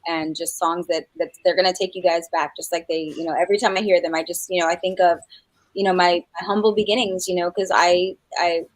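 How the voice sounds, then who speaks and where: A woman's voice: lowish voice, fairly even intonation, fairly quick, dry recording, low-quality recording. A middle-aged woman from New Mexico, a singer chatting as a guest in an interview, rambling with lots of fillers and restarts and laughing easily. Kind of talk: casual interview chat.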